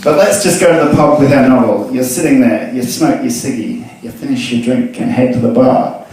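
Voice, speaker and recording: A man's voice: mid-range voice, normal speed, darkish tone. A young man giving a crude, self-mocking comic reading of his own piece in a pub. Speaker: comic reader at a book launch. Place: pub function room, live audience. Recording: echoey pub room.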